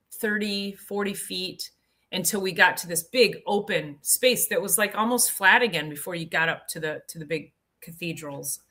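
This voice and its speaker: Woman, host, live health show, chatty storytelling, frequent fillers, bright tone. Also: medium pitch. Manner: chatty, enthusiastic, many fillers.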